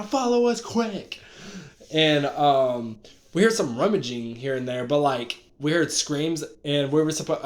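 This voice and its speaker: A man with a fairly high voice tells a story in a casual, rambling way. He gets excited, trips over his words and restarts his sentences often. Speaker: vlogger. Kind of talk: casual storytelling, recounting dreams.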